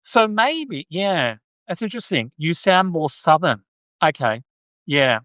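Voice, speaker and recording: A man's voice: a little high, sing-song, measured pace, bright, forceful tone, no echo. An Australian man hosting a casual live stream, chatty and joking, with many restarts. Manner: joking, chatty, many restarts, reads viewer comments aloud. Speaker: podcast host.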